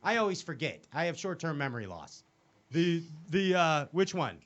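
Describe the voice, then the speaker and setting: A man's voice: fairly high pitch, sing-song, normal speed, a bit bright, muffled recording. A man hosting a casual comedy show, rambling and joking with many fillers and restarts. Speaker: show host.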